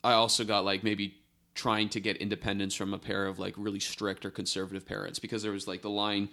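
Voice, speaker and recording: Lower-voiced young man rambling about songs. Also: little pitch movement, fast, creaky, sharp tone. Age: young adult. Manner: rambling, many fillers, joking. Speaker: podcast co-host. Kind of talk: casual chat about music.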